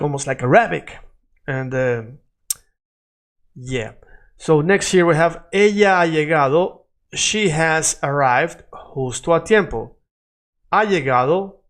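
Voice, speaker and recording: A man leads a lesson in a fairly high voice. He explains in English, then drills the examples by repeating them again and again. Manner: switches between English explanation and Spanish examples. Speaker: Spanish teacher. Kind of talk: online language lesson.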